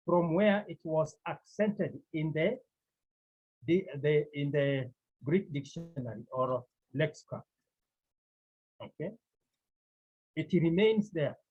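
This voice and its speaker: Male Greek teacher with a slightly high, husky voice and a slow, repetitive classroom delivery. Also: darkish tone. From Cameroon. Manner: slow, deliberate, repeats key words, clears throat often. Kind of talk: classroom lecture. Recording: dull lo-fi recording.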